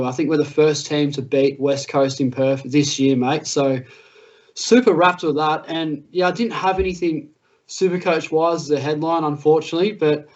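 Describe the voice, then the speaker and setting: A man's voice: fairly high pitch, darkish tone, muffled recording. An Australian man co-hosting a casual sports podcast, chatty and matey. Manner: chatty, says mate often. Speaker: podcast co-host.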